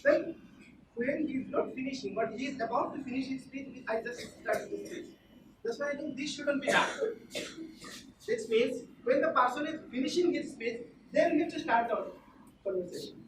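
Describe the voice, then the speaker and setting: A woman's voice: high-pitched, moderate pace. A woman giving a classroom lecture, repeating her points and quizzing the class. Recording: echoey room, far from the mic, noisy.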